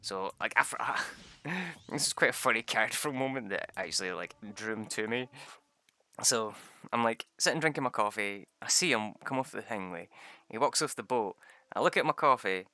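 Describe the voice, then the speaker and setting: A young man telling game stories in a loose, rambling way, laughing and swearing as he goes. His voice sits low but swings about a lot. It is gravelly and bright, recorded dry and close. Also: animated, moderate pace, no echo. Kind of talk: casual chat.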